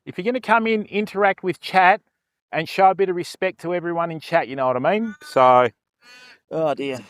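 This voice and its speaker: A man's voice: high-pitched, a little fast, a bit bright, no room sound, clean studio sound. An older Australian man chatting casually on a fishing livestream outdoors by a river, greeting viewers and often adding "mate" and "you know".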